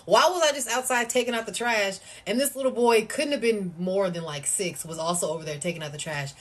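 A woman telling a story in a casual video, animated and indignant. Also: mid-range voice, fairly quick, few pauses.

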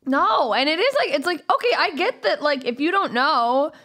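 A woman's voice: sits high, sing-song, normal speed, sharp tone. A woman in her thirties, a comedian co-hosting a podcast, chiming in with playful, profane banter. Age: 30s. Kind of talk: casual chat.

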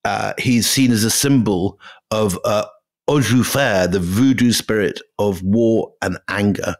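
Halting low-voiced male history podcaster. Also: no room sound. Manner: halting, repeats words while thinking. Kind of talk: casual history chat.

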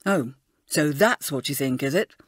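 Woman voicing a clever schoolboy, teasing, easygoing, lower voice, dry sound. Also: animated, normal speed, no echo. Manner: teasing, easygoing, gently mocking. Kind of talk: audiobook character voice.

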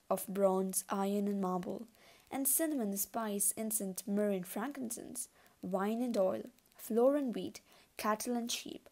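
A woman reading scripture aloud in a measured, deliberate way. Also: medium pitch, warm tone. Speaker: Bible reader.

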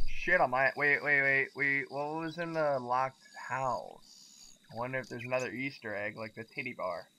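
A young man giving profane, excitable commentary on a game, yelping when startled, with game music behind him. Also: mid-range voice. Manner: excitable, swears a lot, yelps when startled. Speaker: gaming video host. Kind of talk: let's play commentary.

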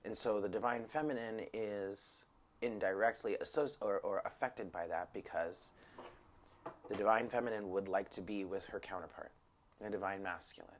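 A woman's voice: rumbling low, moderate pace, a little hiss or hum. A woman giving a casual spiritual tarot reading, talking frankly and emphatically, swearing freely and dropping into whispered asides. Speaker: tarot reader.

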